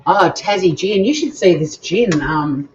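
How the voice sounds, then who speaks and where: A woman's voice: fairly low pitch, lively intonation, a little slow, a little mellow, dull audio, a little hiss or hum. An Australian woman hosting a live cooking stream from her home kitchen, chatting to viewers in a bubbly way as she cooks. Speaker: cooking show host.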